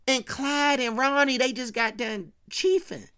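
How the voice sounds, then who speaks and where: The host of a movie commentary channel gives an animated, slang-filled film recap, voicing the characters' lines and swinging from hushed asides to loud outbursts. His voice sits high and is clean in tone, moving a little slowly but with hardly any pauses.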